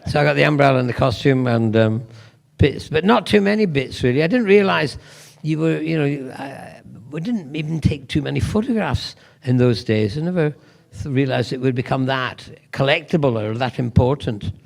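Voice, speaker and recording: A man's voice: medium pitch, animated, normal speed, vocal fry. An older man with a Scottish accent, the guest of honour answering fans at a convention Q&A with rambling, playful anecdotes.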